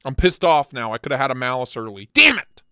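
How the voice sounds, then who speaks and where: A casual, blunt man hosting a chat stream, excitable and quick to swear, sounding tired. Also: medium pitch, clear, resonant tone, no echo, studio quality. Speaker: channel host.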